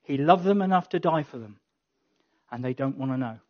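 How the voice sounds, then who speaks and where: A preacher delivers a sermon in a chatty, wry way, turning emphatic and passionate at key points. The voice sits at a middling pitch. The recording sounds somewhat dull and lo-fi. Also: expressive, a little fast, long pauses, a little mellow. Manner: conversational, wry asides, rising to emphatic passion. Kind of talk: sermon with closing prayer.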